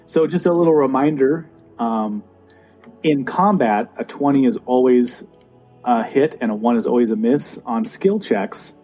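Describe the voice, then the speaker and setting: A man's voice: mid-range voice, measured pace, warm tone, soft background music. A man acting as dungeon master, patiently explaining the rules step by step. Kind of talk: running a tabletop game.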